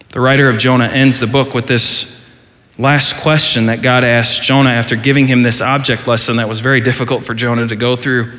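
A man preaching a sermon, animated, rising into mock outrage in his asides. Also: medium pitch, moderate pace, long pauses. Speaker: pastor. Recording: long hall reverb.

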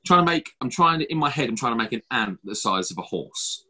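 A man's voice: mid-range voice, animated, fairly quick, pushed and bright, husky. A man hosting a podcast, chatting casually and rambling with lots of fillers and restarts. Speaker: podcast host. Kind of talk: casual chat.

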